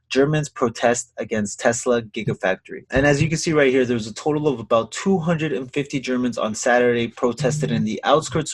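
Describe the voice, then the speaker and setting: A man's voice: medium pitch, husky. A man from Canada giving casual commentary on a news article, talking to his viewers in a chatty way. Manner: chatty, asks viewers to like and subscribe. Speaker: YouTube commentator.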